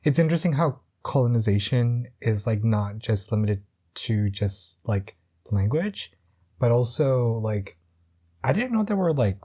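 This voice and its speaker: A man from California, co-hosting a podcast and thinking aloud in a relaxed, thoughtful way with lots of fillers. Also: medium pitch, a little slow, husky. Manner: thoughtful, with frequent likes and repeated starts. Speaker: podcast co-host. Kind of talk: casual chat.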